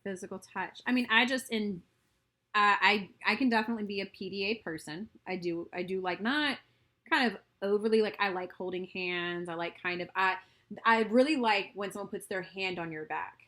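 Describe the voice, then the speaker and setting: A young adult woman co-hosting a podcast, talking in a relaxed, reflective way and backing her co-host with frequent mm-hmms. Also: mid-range voice, normal speed. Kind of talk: casual chat.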